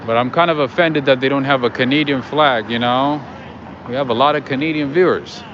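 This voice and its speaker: A chatty man talks to his viewers as he walks along a city street at night. His commentary rambles and is full of fillers, with traffic and street noise loud around him. The sound is a bit muffled. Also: medium pitch, fairly quick. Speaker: livestream host. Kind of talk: casual walking commentary to viewers.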